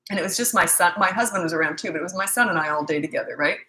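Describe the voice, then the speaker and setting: A middle-aged Canadian parenting coach answers viewer questions in a casual livestream chat, blunt and matter-of-fact. Her lowish voice races along, pushed and bright, and the recording is rough.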